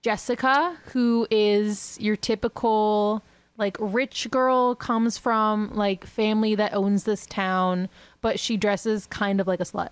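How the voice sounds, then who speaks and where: A woman with a mid-range, steady, clean voice co-hosts a podcast, recorded dry. She takes things slowly, chatting casually and rambling, giggling often and filling her speech with "like" and "um."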